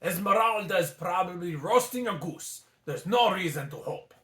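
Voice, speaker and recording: A man's voice: high-pitched, expressive, normal speed, a bit bright. A man voicing a lonely, shy young male bell-ringer in a put-on French accent, sighing and wistful, in an echoey room. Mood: sulky.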